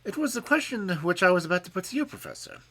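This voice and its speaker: A man voicing a polite, measured detective who stays calm and amused, with a husky voice. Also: high-pitched, pitched above the performer's own voice, exaggerated voice. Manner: measured and courteous.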